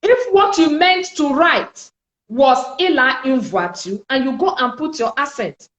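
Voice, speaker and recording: A woman with a fairly high voice leads a French lesson, slow and deliberate, repeating each sound so learners can follow. Her voice rings in an echoey room. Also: animated. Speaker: French teacher. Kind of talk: spoken language lesson.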